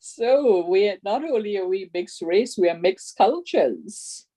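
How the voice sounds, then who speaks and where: A woman's voice: medium pitch, expressive, slow, mellow, rough recording. A woman activist speaking earnestly and emphatically in a casual conversation, appealing directly to listeners.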